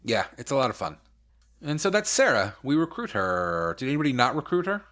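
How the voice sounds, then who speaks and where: A man's voice: mid-range voice, big pitch swings, a little fast, a bit bright. A young man co-hosting a casual gaming podcast, rambling with lots of "like" and mock-outraged rants. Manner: rambling, heavy use of "like", mock-outraged ranting. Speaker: podcast co-host.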